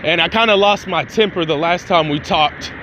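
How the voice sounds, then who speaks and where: A man's voice: fairly high pitch, moderate pace, bright, forceful tone, slight background noise. A man voicing an earnest young female hero student, speaking with light hesitation.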